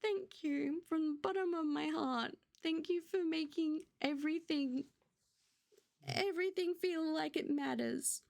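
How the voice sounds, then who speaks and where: Woman streamer, chatty and candid, voice sitting a little high; warm gushing thanks to her viewers. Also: unhurried, creaky. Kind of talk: casual live-stream chat.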